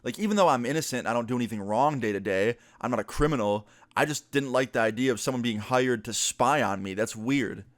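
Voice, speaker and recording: Guy youtuber ranting a story, lively and sweary, dry close sound. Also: mid-range voice, a little fast, few pauses, no room sound. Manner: animated, swears casually. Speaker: gaming YouTuber. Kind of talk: storytime vlog.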